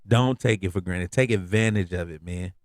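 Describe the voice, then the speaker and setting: A man's voice: sits low, moderate pace, a little mellow, dry recording, clean studio sound. A man hosting a podcast, telling a story in a casual, laid-back way, full of slang and repeated phrases. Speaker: podcast host.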